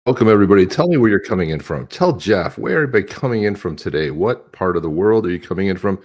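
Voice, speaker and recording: Deep-voiced rambling male co-host. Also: expressive, quick pace, a little mellow, soft background music. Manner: rambling, chatty, with many restarts. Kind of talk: casual live-stream chat.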